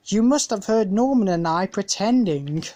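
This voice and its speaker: A woman's voice: medium pitch, expressive, normal speed, warm tone, dry recording, lightly acted. A woman voicing a bossy, teasing young boy in a storybook reading.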